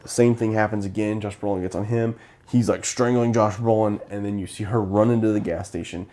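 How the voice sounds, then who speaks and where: A young man with a low, mellow voice chats loosely through a film's plot, filling it with "like" and slipping into quick impressions of the characters. His easygoing, rambling recap sounds like two friends talking a movie over. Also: steady tone. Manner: rambling plot recap full of fillers, acting out characters' lines. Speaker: co-host of a movie review show. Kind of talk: casual chat retelling a film.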